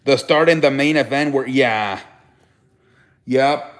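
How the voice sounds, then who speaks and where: A man's voice: medium pitch, slow pace. A young man hosting a casual live stream, rambling and restarting his sentences as he reacts to chat. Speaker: live show host. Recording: echoey room.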